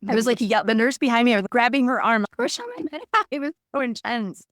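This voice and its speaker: Woman in her 30s telling her story, animated, acts out the quotes, dry close sound. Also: on the high side, fast, dry recording. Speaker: guest recounting her birth. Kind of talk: conversational storytelling.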